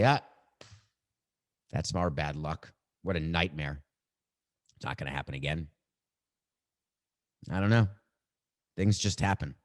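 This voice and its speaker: A middle-aged man hosting a podcast, musing aloud in a reflective monologue. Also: low voice. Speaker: podcast host.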